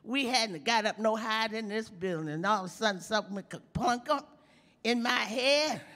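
A woman's voice: a little high, expressive, moderate pace, a bit bright. An actress playing a bawdy older woman comedian, telling teasing stories in a live stage comedy monologue. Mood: storytelling. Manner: bawdy, teasing, drawls and chuckles through punchlines. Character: sassy old woman comedian, bawdy storyteller. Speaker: stand-up comic in a stage play. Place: large theater stage with audience. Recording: long reverb of a large hall.

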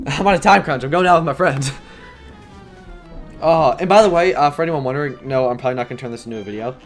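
A man giving rambling live gameplay commentary, excitable and prone to yelling when things get stressful. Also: mid-range voice, fast talker, pauses often, soft background music. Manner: rambling, filler-heavy. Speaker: gaming YouTuber.

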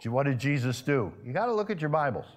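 A male pastor preaching a sermon in a church. He keeps asking his congregation questions and grows loud and emphatic when stirred. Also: medium pitch, sing-song, fast. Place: church sanctuary.

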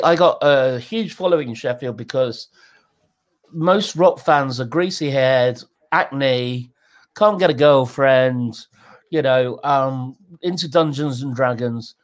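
A man in his sixties, a guest telling candid, animated stories in a conversational interview. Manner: animated, jumps in pitch, acts out quotes.

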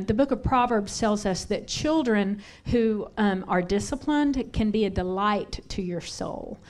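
A woman's voice: medium pitch, a little mellow. Woman preaching in a storytelling way. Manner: candid, storytelling, asks the audience questions. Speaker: pastor's wife teaching on parenting. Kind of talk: conversational sermon. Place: church sanctuary.

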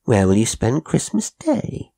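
A woman's voice: very deep voice, wildly swooping pitch, measured pace, creaky, warm tone, voice pushed up, heavily acted. A man voicing a frail elderly woman with dementia who speaks in a quavering, fretful way, for a ghost story audiobook. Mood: wistful. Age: older.

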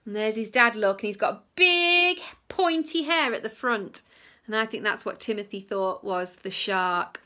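A woman teacher reading a picture book aloud to young children, lively, with hushed whispered asides. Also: mid-range voice, unhurried.

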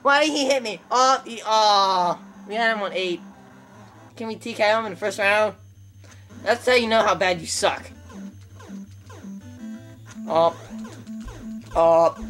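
A young woman giving casual gameplay commentary on her channel, excitable and trash-talking the opponents. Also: medium pitch. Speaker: gaming channel host.

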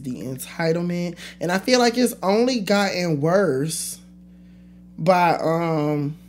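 A woman's voice: on the low side, expressive, slow pace, a little mellow, a little hiss or hum. A young adult woman hosting her own podcast in a casual solo rant, blunt and profane, trailing off and restarting her thoughts. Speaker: podcast host.

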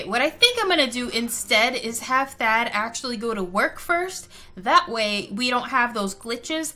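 A woman hosting a gaming video, giving chatty and excitable gameplay commentary with frequent giggles. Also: high voice.

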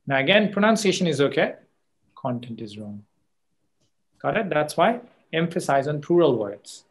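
A man's voice: on the high side, expressive, fairly quick. A man teaching an exam coaching class in a classroom, with an Australian accent, emphatic, checking in with students often and correcting himself mid-sentence. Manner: frequent fillers and self-corrections. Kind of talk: classroom lecture.

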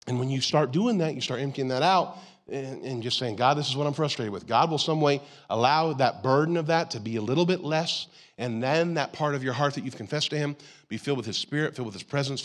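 A man preaching a sermon as a pastor in a church, in a conversational style with lots of "you gotta" and "like". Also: medium pitch. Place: church auditorium.

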